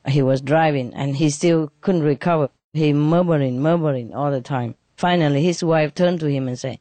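A woman's voice: deep voice, normal speed, few pauses, dark tone, no room sound. A woman telling a comic story, acting out the characters' voices and laughing along. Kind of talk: telling a joke with acted voices.

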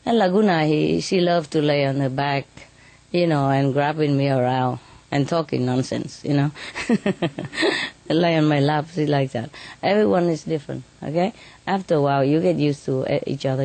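A woman's voice: low voice, warm tone, dry recording. A woman telling stories about her birds in a casual interview, chatty, laughing often and tagging lines with "you know". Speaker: bird keeper telling stories.

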